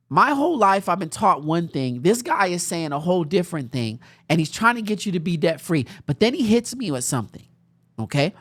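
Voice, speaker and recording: She speaks at normal speed in a mid-range voice, a young woman hosting a podcast who tells a personal story in a conversational, animated way, laughing as she goes. The recording is dry and clean, studio grade.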